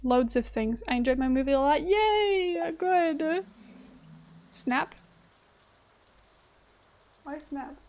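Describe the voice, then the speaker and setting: A woman with a high voice chats with viewers while she plays a game. She talks slowly and laughs often in an easy, casual way. Faint noise sits under her voice. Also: a little mellow. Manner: giggly, chatty, answering chat. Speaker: streamer. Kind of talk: casual gameplay chat.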